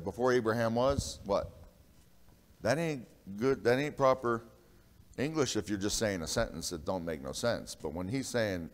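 A man pastor preaching a sermon in a church, emphatic, swinging between loud and hushed and calling out to the congregation for an amen. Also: fairly low pitch. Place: church sanctuary. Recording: long reverb of a church hall.

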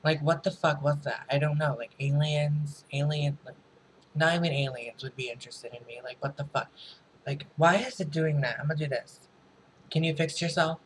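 A man's voice: fairly high pitch, steady tone, moderate pace, a little hiss or hum, poor audio. A man telling a casual storytime vlog on camera in his room, rambling and swearing freely. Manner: rambling, profane, chatty. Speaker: vlogger. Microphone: camera mic.

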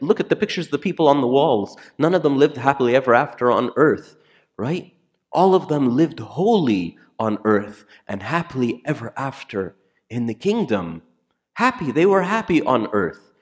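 A male priest giving a sermon in a church. He presses his points by repeating key phrases and often lets his voice sink low and soft for effect. His pitch sits in an ordinary middle range for a man. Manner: emphatic, repeats key phrases, drops to a near whisper for quiet lines.

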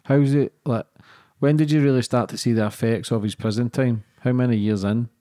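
A man's voice: medium pitch, fairly even intonation, fairly quick, warm tone, no echo, studio quality. A male podcast host asking short, plain interview questions.

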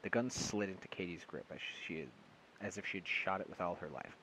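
A man's voice: sits low, a little fast, bright, forceful tone, slight background noise, rough recording. Man casually reading a story aloud. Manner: stumbling, self-correcting, with amused asides. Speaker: audiobook reader.

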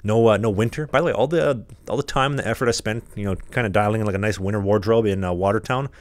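Fast-talking Canadian man, casual podcast chat. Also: fairly low pitch, no room sound. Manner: joking, rambling, quick asides. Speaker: podcast host and hockey goalie. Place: locker-room stall at an ice rink.

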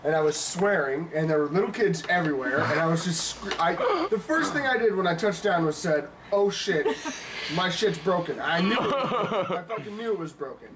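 A man's voice: high voice, lively intonation, brisk, over a noisy crowd. A teenage boy telling a story in casual talk, laughing through it, swearing, and acting out what he said back then. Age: teens. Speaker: teenager in a group. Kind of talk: casual improvised conversation. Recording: distant mic among chattering people.

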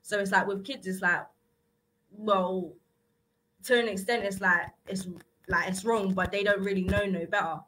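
A woman's voice: mid-range voice, fairly even intonation, normal speed, bright, forceful tone, slight background noise, poor audio. A young woman, a radio guest chatting casually and rambling with lots of filler words. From South-East England. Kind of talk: casual chat. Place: radio studio.

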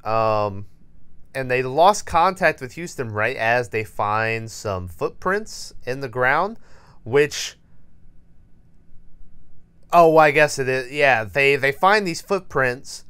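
A man's voice: mid-range voice, lively intonation, takes it slowly, long pauses, fairly bright tone, clear, resonant tone. A man co-hosting a podcast, recapping a horror movie in a rambling, profane, laughing way. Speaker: podcast co-host.

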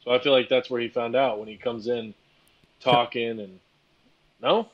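A man's voice: mid-range voice, steady tone, normal speed, muffled recording. A man co-hosting a podcast, chiming in on a TV episode recap in a hesitant way and restarting his sentences. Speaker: podcast co-host. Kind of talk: casual chat recapping a TV episode.

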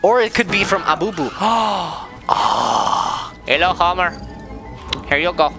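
A man hosting a let's-play, joking excitably as he plays a game, with game music behind him. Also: high-pitched, takes it slowly. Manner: excitable, goofy, jokey. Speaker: gaming channel host.

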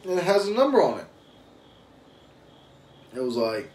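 A man's voice: fairly high pitch, very animated, normal speed, pauses often, darkish tone. A young adult man and father talking casually on a live stream, telling rambling, profane stories. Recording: roomy echo with faint ambient noise.

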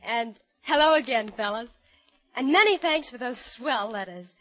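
A woman's voice: on the high side, lively intonation, moderate pace, sharp tone, soft background music, rough recording. A woman as mistress of ceremonies on a 1940s radio variety show, breezy and chatty. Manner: breezy, chatty address to troops.

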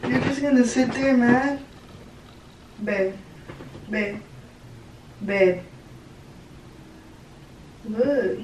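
A young woman speaks extremely slowly with long pauses, her voice a little high. She's a vlogger in her bedroom, bantering through a prank and pleading with her boyfriend, exasperated and repetitive. Background noise and room echo fill the distant recording.

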